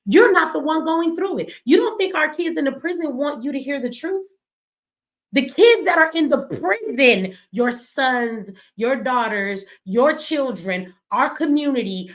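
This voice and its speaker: Heated, profane middle-aged woman ranting. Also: high-pitched. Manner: blunt, profane, heated and preachy. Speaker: streamer and commentator. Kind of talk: impassioned livestream commentary.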